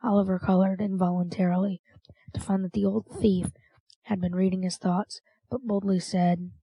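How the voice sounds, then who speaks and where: A woman reads a classic novel aloud as an audiobook narrator, with a measured, even delivery. Her voice is dark and mellow, with a husky edge. The pitch stays flat. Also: dry recording, poor audio. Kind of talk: scripted narration.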